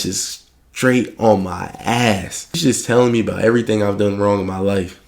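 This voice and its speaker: A young adult man telling a casual storytime monologue in a profane, slangy, animated way. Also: fairly low pitch, normal speed, creaky.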